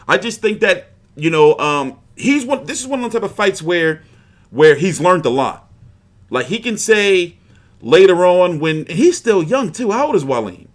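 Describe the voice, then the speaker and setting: A man's voice: sits high, sing-song, moderate pace. A man hosting a boxing livestream, chatting casually in a rambling, profane, frustrated way.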